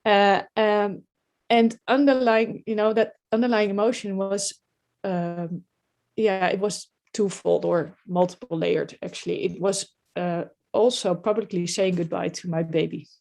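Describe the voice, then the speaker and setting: A woman's voice: mid-range voice, fairly even intonation, unhurried, gravelly, darkish tone. A middle-aged woman with a Dutch accent, speaking as a podcast guest in a reflective, hesitant way with many fillers. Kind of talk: podcast interview.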